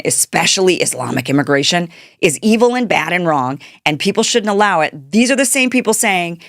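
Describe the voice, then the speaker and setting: A woman's voice: on the low side, animated, brisk, no room sound, clean studio sound. A woman hosting a political commentary show, talking off the cuff in an indignant tone, firing rhetorical questions and restarting her sentences. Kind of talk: unscripted political commentary monologue.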